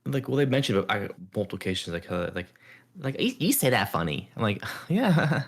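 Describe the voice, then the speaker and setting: A man's voice: fairly low pitch, expressive, quick pace, gravelly, a bit bright. A young man co-hosting a casual podcast chat, telling rambling stories full of fillers and mock-quoting the people he talks about. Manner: rambling, filler-heavy storytelling with mocking quoted voices. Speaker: podcast co-host.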